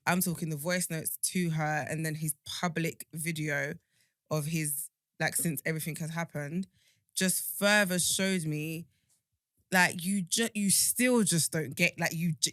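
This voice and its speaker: A woman's voice: low voice, normal speed, fairly bright tone, dry recording, studio quality. A woman, co-hosting a podcast in casual chat, talking emphatically with many restarts. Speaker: podcast co-host.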